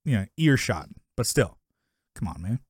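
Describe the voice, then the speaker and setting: A man's voice: on the low side, sing-song, moderate pace, slightly rough, no room sound, clean studio sound. A man co-hosting a podcast, chatting casually and rambling through a TV episode recap, with lots of "you know" fillers and frequent laughs. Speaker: podcast co-host.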